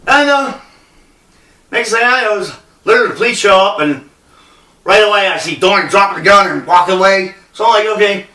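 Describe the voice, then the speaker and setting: A man's voice: high voice, animated, fairly quick, long pauses, sharp tone. A middle-aged man telling a personal story in a blunt, rambling, profane way. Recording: echoey room, distant mic.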